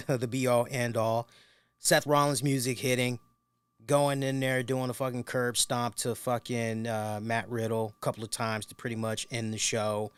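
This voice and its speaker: A man's voice: mid-range voice, level tone, unhurried, clean tone, dry recording. A middle-aged man hosting a wrestling review, telling loose, crude, laughing stories in casual chat. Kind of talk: casual profane storytelling.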